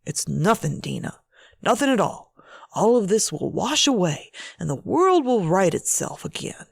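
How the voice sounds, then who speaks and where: A woman doing a hushed, pleading husband. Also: fairly low pitch, very animated, unhurried, creaky, breathy edge, dry recording, full character voice. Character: weary husband defending a frightened adopted girl.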